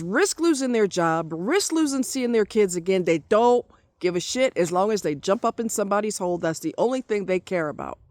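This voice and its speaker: A woman's voice: mid-range voice, dry recording. A middle-aged woman ranting angrily in a vlog, swearing a lot and repeating herself for emphasis. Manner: heated, profane, repetitive ranting. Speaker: vlogger. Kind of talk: angry vlog rant.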